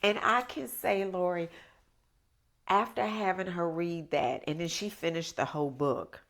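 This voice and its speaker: Woman, very low voice, animated storyteller, casual podcast chat. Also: measured pace. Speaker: podcast guest.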